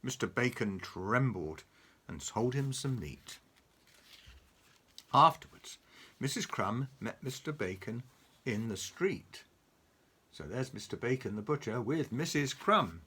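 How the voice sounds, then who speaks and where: Man reading a kids book aloud, voice swoops all over, bright tone. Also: mid-range voice, takes it slowly, long pauses, slightly rough. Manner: animated, chuckling, pointing at pictures. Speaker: storyteller reading to a child.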